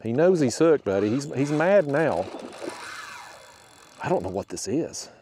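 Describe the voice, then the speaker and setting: A man, chatting to his viewers in a folksy, excitable way while fishing from a small boat. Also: medium pitch, measured pace, noisy background. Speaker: fishing vlogger. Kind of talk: casual narration while fishing.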